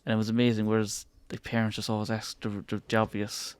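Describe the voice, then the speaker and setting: A man chatting on a podcast, animated, laughing often and acting out what other people say. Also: fairly low pitch, fast talker, smooth, no room sound. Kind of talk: casual podcast chat.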